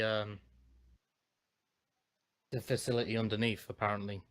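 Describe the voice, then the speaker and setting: A man's voice: on the low side, fairly even intonation, normal speed, pauses often. A man playing a tabletop game, speaking casually in and out of character and swearing freely. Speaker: player. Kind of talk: casual tabletop role-play.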